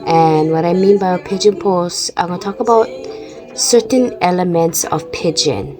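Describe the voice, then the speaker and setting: A woman's voice: fairly low pitch, normal speed, poor audio. A woman from Hawaii with a Hawaiian Pidgin accent, chatting casually to the camera, full of restarts and little laughs, with music playing behind. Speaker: vlogger. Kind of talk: casual explainer talk.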